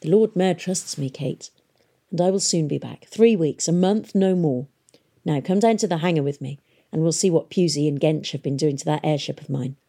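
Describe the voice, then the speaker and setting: A woman voicing a patient, calm explorer father reassuring his daughter, in an audiobook. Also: low-pitched, moderate pace. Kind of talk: audiobook character voice.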